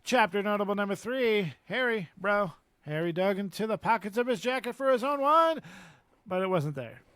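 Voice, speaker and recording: A man's voice: high-pitched, expressive, moderate pace, a bit bright, no echo. A man hosting a podcast, casually reading through chapter recap notes with chatty asides.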